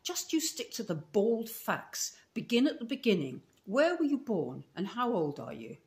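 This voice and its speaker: A woman's voice: a little high, big pitch swings, moderate pace. A woman with a Scottish accent reading the lines of a strict, dry older woman in a storybook. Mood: stern. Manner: curt, blunt, matter-of-fact.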